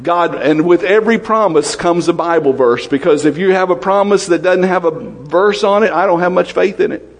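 Man, preacher, lively sermon, rapid questions to the congregation, somewhat high voice, echoing church hall.

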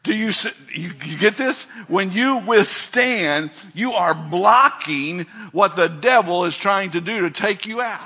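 An older man preaching a sermon as pastor, emphatic, swinging between loud calls and quiet asides. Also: high-pitched, lively intonation, unhurried, few pauses, husky.

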